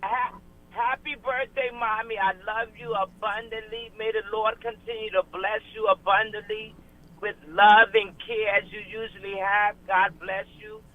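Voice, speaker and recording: A woman calling a radio show from Florida to send a warm, heartfelt birthday message. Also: fairly high pitch, normal speed. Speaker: caller. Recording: tinny phone line.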